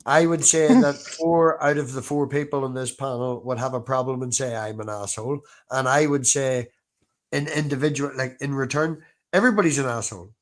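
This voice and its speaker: An Irish man on a livestream panel, chatting and telling stories in a profane, animated way. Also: mid-range voice, brisk. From Ireland. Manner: profane, animated, talks over others. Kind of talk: casual chat and storytelling.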